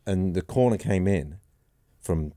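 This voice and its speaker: Podcast guest, man, 40s: low mellow voice, dry studio sound, rambling self-deprecating storyteller. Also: animated, unhurried, dry recording. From England. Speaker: podcast guest, former goalkeeper. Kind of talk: casual storytelling.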